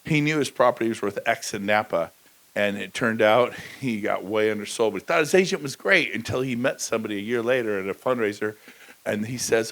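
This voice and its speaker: A man's voice: animated, fairly quick, low-quality recording. A middle-aged man giving a motivational real estate talk on a conference stage, full of energy and calling out to the crowd. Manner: high-energy, shouting bursts and crowd call-outs.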